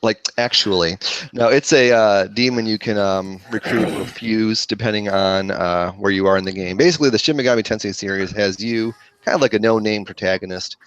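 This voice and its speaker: A man's voice: lowish voice, brisk, a bit bright, no room sound. A man co-hosting a casual gaming podcast, joking and laughing often between remarks. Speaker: podcast co-host. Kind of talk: casual chat. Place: home studio.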